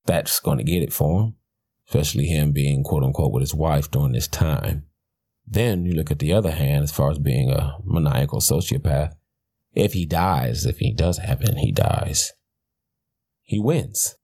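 A man's voice: rumbling low, normal speed, mellow, breathy edge. A man hosting a podcast, talking in a blunt, profane, rambling way with frequent restarts. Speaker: podcast host. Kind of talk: casual rambling commentary.

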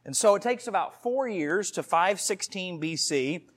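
Earnest pastor preaching, higher male voice. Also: lively intonation, measured pace. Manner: earnest, storytelling with asides to the congregation. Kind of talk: sermon.

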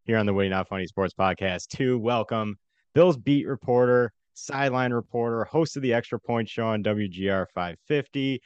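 A man's voice: mid-range voice, normal speed, darkish tone, clear, resonant tone, no room sound, lo-fi sound. A young man hosting a casual sports podcast, upbeat and chatty, laughing often. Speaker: podcast host.

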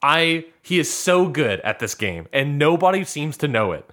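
Animated man recapping a reality show. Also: a little high, moderate pace. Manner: animated, acts out quotes. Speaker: podcast co-host. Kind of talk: casual recap chat.

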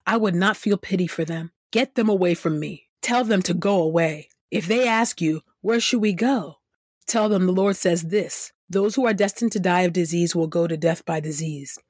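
A woman reading scripture aloud in a steady, earnest way, lifting her voice on the pleas. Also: lowish voice, dry recording, clean studio sound. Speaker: scripture reader.

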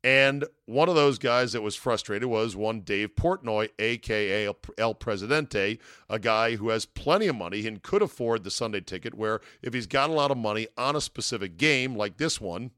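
A man's voice: lowish voice, animated, moderate pace, hardly any pauses, fairly bright tone, no echo. Wry, chatty male podcast host, dry sound. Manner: wry, chatty, sarcastic asides. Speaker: sports talk podcast host. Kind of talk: casual monologue. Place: hotel room.

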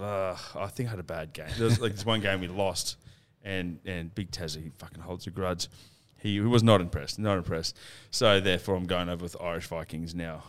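A man with an Australian accent telling a laughing, swear-filled rugby tour story on a casual podcast. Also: low voice. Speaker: podcast co-host.

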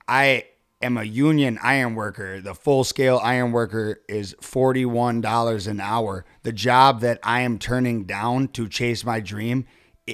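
A man's voice: mid-range voice, fairly bright tone. Earnest man in casual talk. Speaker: guest musician. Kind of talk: casual chat.

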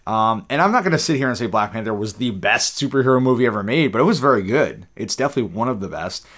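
A man's voice: medium pitch, expressive, fast talker, fairly bright tone. A man co-hosting a casual podcast chat, talking in stops and starts and repeating words as he restarts. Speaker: podcast co-host.

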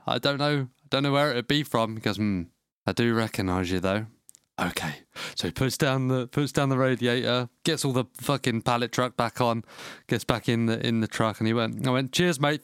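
Podcast co-host, chatty storyteller, laughs a lot, dry close sound. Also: male voice, medium pitch, a bit bright, clean tone, dry recording. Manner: laughing storyteller, swears freely. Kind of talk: casual chat.

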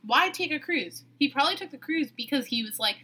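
Young female co-host, bright voice, loose chatty delivery with laughs and the odd curse. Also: high-pitched, lively intonation, fairly quick. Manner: chatty, laughs often, swears casually. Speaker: podcast co-host. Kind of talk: casual chat.

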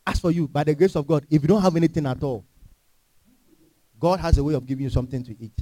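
A man's voice: a little high, fast talker, mellow, no room sound. A man preaching a sermon in a church, emphatic and full of rhetorical questions to the congregation. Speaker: pastor.

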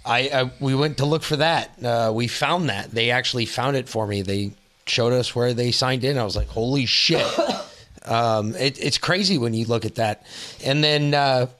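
A man's voice: mid-range voice, moderate pace, fairly bright tone. A man co-hosting a podcast, explaining things at length in casual chat. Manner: explanatory, with fillers and restarts. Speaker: podcast co-host.

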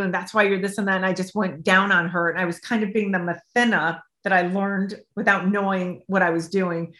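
A middle-aged woman, a life coach and interview guest, telling a story with lively, expressive acted-out dialogue. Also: medium pitch. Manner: acts out both sides of remembered dialogue, lively and expressive. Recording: roomy echo.

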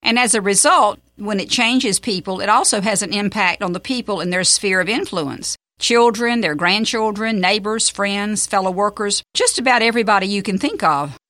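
A woman's voice: mid-range voice, moderate pace, few pauses, fairly bright tone, dry recording. A woman hosting a Christian devotional radio program, talking earnestly and reading scripture.

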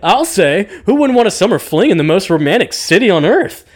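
A man's voice: sits high, very animated, brisk. A man co-hosting a casual recap chat, playfully acting out characters' lines. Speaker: podcast co-host.

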